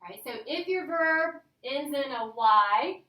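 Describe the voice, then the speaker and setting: A woman's voice: high-pitched, expressive, measured pace, bright, forceful tone. A woman teaching a grammar lesson to a class. She talks in an upbeat, coaxing way and keeps checking in with "all right?". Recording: echoey room, voice from a distance.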